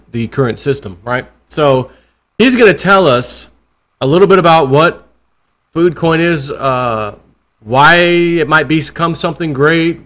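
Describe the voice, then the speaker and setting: A man's voice: fairly high pitch, expressive, unhurried, fairly bright tone. A man hosting a casual crypto interview, loose and rambling, joking with his guest. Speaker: crypto YouTube host.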